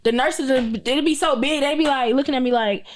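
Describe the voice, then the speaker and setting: A young woman hosting a casual podcast chat, telling stories with lively, acted-out quotes. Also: high voice, a little fast. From Detroit. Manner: animated storyteller, acts out voices of relatives. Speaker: podcast host.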